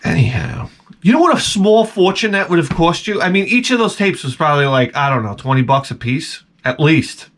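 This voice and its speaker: A middle-aged man vlogs in a rambling, crude and profane way, jumping between anecdotes and cutting himself off mid-sentence. His voice sits a little higher than usual for a man, and he sounds loose and unfiltered. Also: sing-song, brisk, fairly bright tone. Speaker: vlogger. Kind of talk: casual rambling storytelling.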